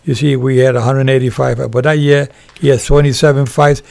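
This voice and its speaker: An older man, a former boxer and referee, telling animated stories with laughter in an interview. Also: mid-range voice, a little fast, vocal fry. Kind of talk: storytelling in a podcast interview.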